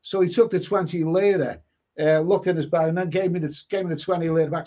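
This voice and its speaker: Talking fast with fairly even intonation, this streamer has a fairly high but dark-toned voice. He reads viewer comments aloud and wanders through stories with blunt, mildly sweary asides over dull, lo-fi audio.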